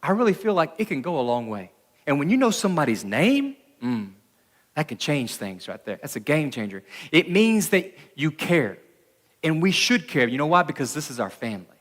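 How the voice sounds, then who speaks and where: A man's voice: on the high side, normal speed. A man preaching a sermon in a church, reading scripture and then talking in a conversational way, often acting out the people in the story. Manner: conversational, acts out the people in the story with lively voices. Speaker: pastor. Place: church hall. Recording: reverberant church hall.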